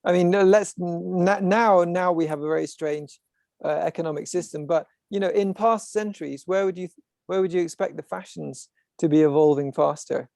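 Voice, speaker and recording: A man with a high-sitting, mellow voice and some vocal fry speaks at a moderate pace, hosting an online discussion group over a video call. He explains things casually but professorially, often restarting and wandering into asides. The studio-quality recording is dry, with no room sound.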